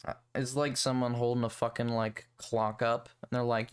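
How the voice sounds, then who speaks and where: A man's voice: medium pitch, little pitch movement, moderate pace, few pauses, clear, resonant tone. Profane rambling young man. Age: young adult. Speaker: podcast host. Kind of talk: casual solo rant.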